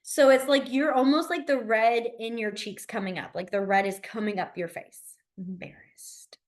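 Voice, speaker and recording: A young woman teaching a beginner sign language class, chatty and quick to laugh, with lots of fillers. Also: fairly high pitch. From Alabama. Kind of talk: casual classroom instruction.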